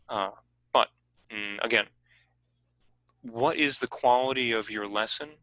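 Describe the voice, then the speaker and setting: A man presenting a teaching workshop over a video call, explaining in a relaxed, conversational way. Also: mid-range voice, unhurried, pauses often, dry recording, rough recording.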